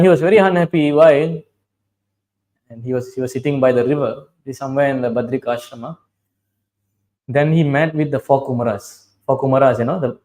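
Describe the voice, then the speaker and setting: A man's voice: medium pitch, darkish tone, poor audio. A man giving a devotional class, telling scripture stories, chanting verses and asking his listeners questions. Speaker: preacher.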